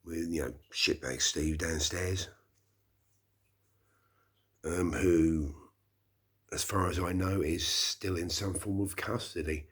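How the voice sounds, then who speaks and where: A middle-aged man talks through his early-morning podcast in a slow, meandering way, sighing between thoughts. His voice sits very low and comes out husky, with an unhurried drawl as he mulls things over at home. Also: a bit bright. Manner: slow, rambling, reflective with sighs. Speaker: podcast host. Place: small flat indoors.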